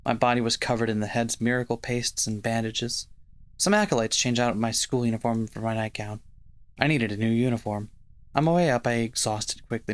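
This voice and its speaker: A man co-hosting a let's-play, reading the narration of a visual novel aloud in an expressive way. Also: on the low side, vocal fry. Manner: expressive narration with swearing asides. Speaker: podcast co-host.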